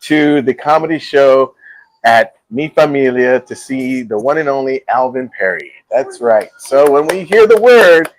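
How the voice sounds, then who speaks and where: A man's voice: mid-range voice, no echo. A man hosting a casual morning show from a taco restaurant, telling stories and laughing often. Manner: animated, laughs often, quick storytelling. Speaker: host.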